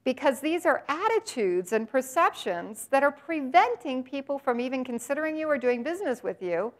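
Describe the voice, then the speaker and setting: A woman's voice: high-pitched, sing-song, moderate pace. A woman giving a business presentation on marketing, speaking animatedly and emphatically and addressing her listeners directly.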